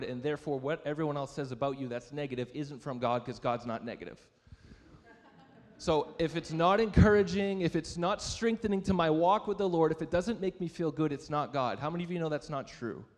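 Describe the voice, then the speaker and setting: Young pastor preaching in a reverberant hall. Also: male voice, fairly high pitch, brisk. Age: young adult. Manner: conversational, self-deprecating storytelling with audience questions. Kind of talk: sermon. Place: church sanctuary.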